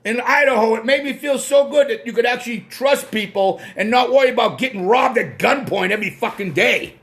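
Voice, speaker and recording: A man's voice: very high-pitched, a little fast, a bit bright. A man from Massachusetts with a Boston accent, hosting a casual live stream. He rambles bluntly, swears freely and greets viewers by name.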